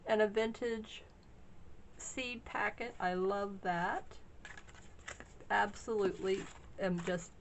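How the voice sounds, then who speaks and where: Gushing, excitable woman showing a craft haul. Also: medium pitch. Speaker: craft shop owner sharing a haul. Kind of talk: casual haul vlog.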